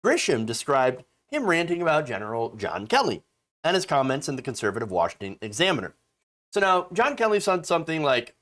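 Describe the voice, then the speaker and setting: A man hosting a casual political commentary video, talking in a sarcastic, animated way with lots of fillers. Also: on the high side.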